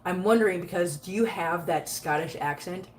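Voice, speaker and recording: Cleaning the litter box area at home among many cats, a woman talks casually with viewers on a live stream, reading the chat, laughing often and speaking to her cats. Her voice is on the low side at a moderate pace, captured by a nearby phone in an echoey room with slight background noise.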